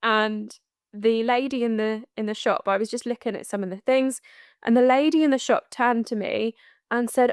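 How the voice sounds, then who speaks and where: A woman's voice: a little high, moderate pace, smooth, dry recording, clean studio sound. A woman hosting a solo spiritual coaching podcast, chatty and laughing often, with frequent asides. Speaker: podcast host.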